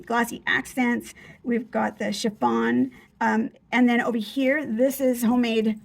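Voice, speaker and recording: A woman's voice: fairly high pitch, vocal fry. A middle-aged woman chatting casually and gushing as she flips through her handmade craft journal. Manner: chatty, gushing, restarts mid-phrase.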